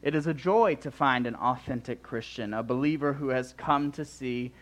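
A young adult man preaching a sermon, emphatic, swinging between loud declarations and quiet asides. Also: mid-range voice, moderate pace.

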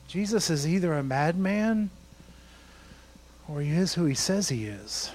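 A male pastor delivers a sermon in a high voice, speaking slowly and deliberately. He leans on repetition and rhetorical questions to drive home each point. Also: very animated, a little mellow, a little hiss or hum. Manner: emphatic, repeats words for stress, rhetorical questions.

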